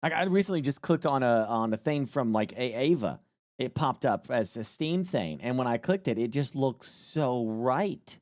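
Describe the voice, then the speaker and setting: A man's voice: medium pitch, lively intonation, normal speed, darkish tone, no echo, studio quality. A man live-streaming casual commentary, rambling and joking with plenty of swearing. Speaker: streamer reacting to a news clip.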